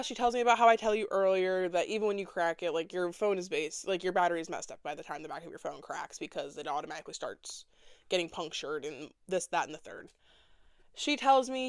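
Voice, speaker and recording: Sassy woman telling a story, smooth dry voice. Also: on the low side, fast, no echo. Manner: dramatic, sassy, acts out other people's lines. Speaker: podcast host. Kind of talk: casual storytelling monologue.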